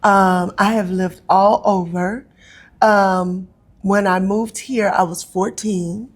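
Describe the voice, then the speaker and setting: A woman from North Carolina, a guest talking casually in an interview, with many ums and pauses. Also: medium pitch, fairly even intonation. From North Carolina, USA. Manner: chatty, frequent ums and pauses. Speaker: actress and comedian guest.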